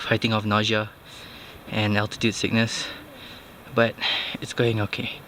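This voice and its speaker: A man's voice: on the low side, monotone, measured pace, sharp tone, slight background noise. A man narrating his own mountain hike on a handheld camera, out of breath and talking in a matter-of-fact way as he climbs outdoors. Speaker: vlogger. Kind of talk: hiking vlog narration.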